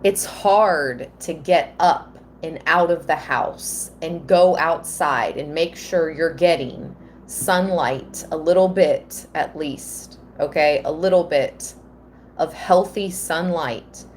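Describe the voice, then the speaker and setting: A woman giving a live tarot reading, slow and earnest, at times emotional. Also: sits low, slight background noise. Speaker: tarot reader.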